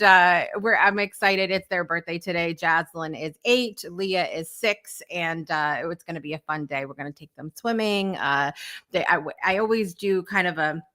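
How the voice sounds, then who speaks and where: A woman in her thirties hosting a morning talk show, talking casually and warmly to her viewers. Her voice is bright and clear, and she rambles with plenty of "um"s and "you know"s. She laughs easily between stories. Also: lowish voice. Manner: chatty, laughs often, lots of fillers. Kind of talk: casual chat.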